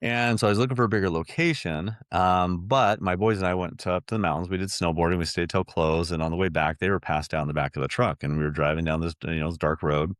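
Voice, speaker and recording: A man's voice: deep voice, steady tone, fast talker, hardly any pauses, no echo, clean studio sound. A middle-aged man as a podcast guest, telling a personal story earnestly, with many restarts and fillers.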